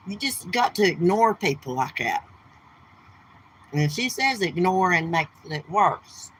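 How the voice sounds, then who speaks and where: This middle-aged woman speaks in a lowish, fairly bright voice with a breathy edge, gossiping bluntly on a casual outdoor live stream near her home. She cusses and uses Southern expressions, and the recording is rough.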